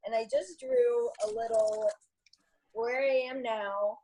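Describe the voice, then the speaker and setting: A woman's voice: on the high side, fairly even intonation, slow, dark tone, rough recording. A young adult woman, a new coach being interviewed, who rambles in a chatty way and often laughs at herself. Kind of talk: casual interview.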